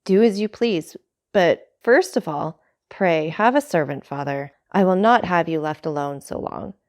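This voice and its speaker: A woman's voice: on the low side, expressive, unhurried. A woman reading aloud, voicing an earnest young male sailor who speaks to his father in an ardent, pleading way, in a storybook.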